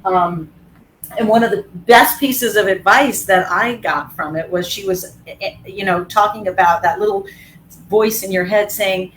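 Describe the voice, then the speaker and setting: A woman's voice: mid-range voice, fairly even intonation, moderate pace, fairly bright tone, slight background noise, low-quality recording. A woman fitness professional talking casually in a webinar, chatty and candid, acting out voices in her stories. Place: video call.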